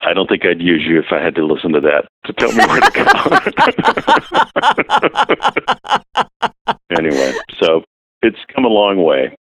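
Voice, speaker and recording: A man, a voiceover artist, chatting casually as an interview guest, relaxed and self-deprecating with hesitant fillers. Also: low voice, fast, no echo. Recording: dry, tinny phone-like line.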